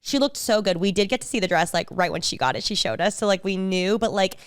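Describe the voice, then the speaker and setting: A woman co-hosting a podcast, telling a story in an animated, gushing way. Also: mid-range voice, fast, clear, resonant tone, no room sound, studio quality. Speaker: podcast co-host. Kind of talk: casual chat.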